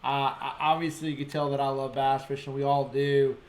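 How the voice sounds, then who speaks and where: A man hosting a fishing show, telling fish stories in casual, excited chat with sound effects and frequent restarts. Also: mid-range voice, fairly quick, echoey room, slight background noise.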